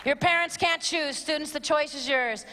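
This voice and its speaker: Bright, high-pitched woman preaching in a hall. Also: normal speed. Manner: emphatic, direct and exhortative. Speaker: abstinence speaker. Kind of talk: live talk to a youth audience. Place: large church hall, live event. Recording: long hall reverb, faint crowd.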